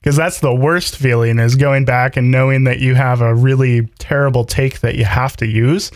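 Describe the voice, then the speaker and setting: Lively podcast host man, dry close sound. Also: mid-range voice, moderate pace, dry recording. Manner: animated, laughs easily, acts out quoted voices. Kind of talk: podcast conversation.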